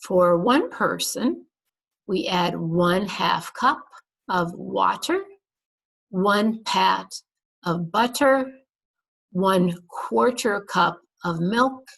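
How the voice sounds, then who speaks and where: Woman, English teacher, very slow speech, husky, careful enunciation for learners. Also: mid-range voice, fairly bright tone, rough recording. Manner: over-enunciates words for language learners. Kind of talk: slow, deliberate classroom instruction.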